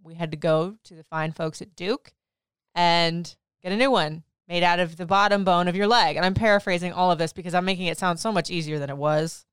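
A woman's voice: lowish voice, a little fast, clear, resonant tone, dry recording, clean studio sound. A woman in her thirties hosting a show, chatting candidly and laughing as she tells personal stories to her partner. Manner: candid, laughing, lively storytelling. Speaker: podcast host. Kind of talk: casual personal chat.

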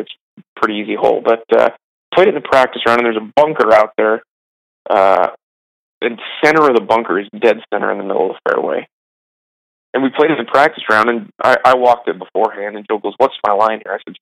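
A man's voice: fairly low pitch, vocal fry, a bit bright, no echo, poor audio. A young man working as a caddie, rambling through stories in a casual, self-deprecating way. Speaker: golf caddie being interviewed. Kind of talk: casual storytelling.

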